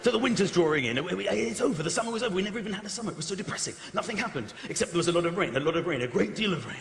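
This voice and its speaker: Animated high-voiced stand-up comic. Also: male voice, racing, creaky, crowd noise. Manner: animated, acts out characters, mimics voices, shouts punchlines. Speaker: stand-up comedian. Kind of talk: stand-up comedy routine. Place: large theatre stage with audience. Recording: roomy live theatre recording with audience. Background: audience laughter.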